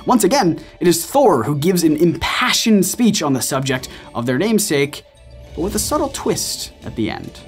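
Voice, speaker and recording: A male video-essay host delivers scripted commentary with a lively, swooping pitch. His manner is playful and self-mocking. Faint music plays beneath him. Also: normal speed.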